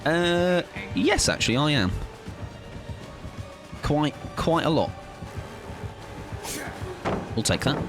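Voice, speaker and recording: Animated, joking man streaming. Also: fairly high pitch, takes it slowly, long pauses, music in the background. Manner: playful, joking, chatty with goofy bits. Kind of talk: casual live-stream gaming chat.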